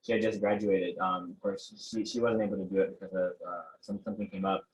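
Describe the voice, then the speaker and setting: A man's voice: low-pitched, little pitch movement, fast, rough recording. A young man being interviewed, casually recounting events with frequent fillers and restarts. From Mexican heritage. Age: teens. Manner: hesitant, many restarts and fillers, laughs often. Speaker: interviewee, protest organizer.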